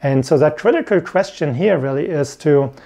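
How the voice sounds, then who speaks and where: A man's voice: fairly high pitch, expressive, normal speed, vocal fry, dark tone. A man giving an earnest talk to camera as an IT career coach, repeating his key points. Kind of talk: instructional video talk.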